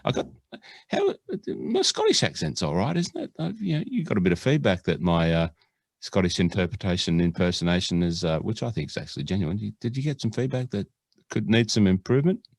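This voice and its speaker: A man's voice: low voice, expressive, quick pace, vocal fry, darkish tone, no room sound. An Australian man hosting a podcast, chatting in a jokey, rambling way full of fillers. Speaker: podcast host. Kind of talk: casual podcast chat.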